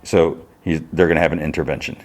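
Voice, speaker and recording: A man's voice: very deep voice, steady tone, quick pace, a little mellow. A man hosting a podcast, chatting casually as he retells a TV episode in a loose, rambling way. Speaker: podcast host.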